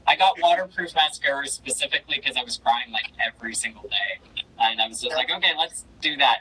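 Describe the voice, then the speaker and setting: A woman's voice: a bass voice, bright, forceful tone, slight background noise, rough recording. A woman hosting a casual interview, emotional and jokey, with theatrical outbursts. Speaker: podcast host.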